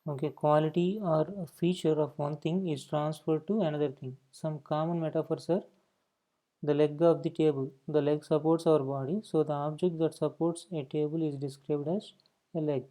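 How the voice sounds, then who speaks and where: A man's voice: on the high side, steady tone, normal speed, dark tone. A man teaching a grammar lesson, explaining points and often saying "okay" between them. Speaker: English teacher.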